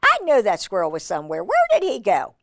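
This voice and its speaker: A woman's voice: mid-range voice, wildly swooping pitch, a little fast, dry recording, clean studio sound. A woman voicing a sly male hawk hunting a squirrel in a storybook reading. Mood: puzzled.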